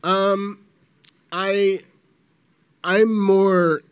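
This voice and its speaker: A man hosting a panel, talking in a passionate, animated way and swearing freely. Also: high-pitched, drawn-out words, smooth. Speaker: panel host. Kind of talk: casual panel talk.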